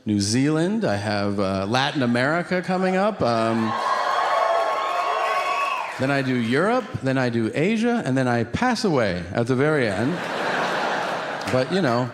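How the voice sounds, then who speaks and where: A man's voice: mid-range voice, unhurried, long pauses. A man telling a stand-up comedy story on stage, acting out the people in it and sounding incredulous and exasperated. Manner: animated storytelling, mimics people in quoted lines. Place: comedy stage with live audience. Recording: live stage recording with audience noise.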